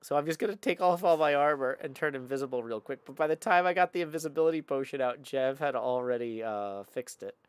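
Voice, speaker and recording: A man's voice: mid-range voice, quick pace, few pauses, clean tone, no echo. A man hosting a live game stream, chatting casually and reading viewer messages aloud.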